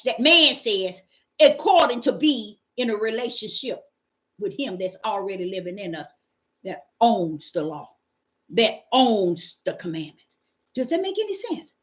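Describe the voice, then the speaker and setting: Fervent woman preaching, high and animated. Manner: fervent, call-and-response exclamations, Bible reading. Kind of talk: informal street-style sermon.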